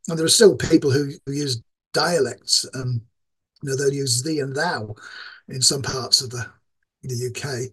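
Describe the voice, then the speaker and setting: A man from Yorkshire with a Yorkshire accent, a professor talking as a guest, pausing often with ums. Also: medium pitch, fairly bright tone, husky, poor audio. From Yorkshire, England. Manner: thoughtful, many ums and restarts. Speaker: guest, game design professor. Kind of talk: casual interview chat.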